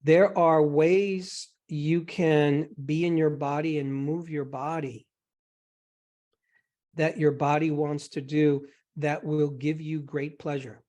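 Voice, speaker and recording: A man with a slightly raised voice coaches a guest through a session. He talks gently and reassuringly, walking through one example after another. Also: a little high, flat delivery, slow. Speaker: host and eating psychology coach.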